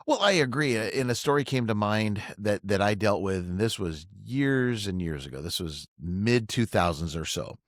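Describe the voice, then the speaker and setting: Animated middle-aged male storyteller, dry sound. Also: on the low side, moderate pace, few pauses, no echo. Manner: animated, acts out quoted dialogue. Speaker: financial advisor, podcast guest. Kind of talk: casual conversational storytelling.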